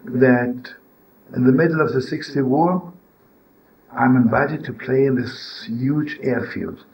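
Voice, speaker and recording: Older man, rabbi teaching with stories, chatty, turns loud and sharp when scolding, faint background hiss. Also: slow, low-quality recording. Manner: storytelling, with frequent "you know" and "right?"; swings to loud, high scolding when voicing the inner voice. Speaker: rabbi and storyteller. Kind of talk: informal teaching talk.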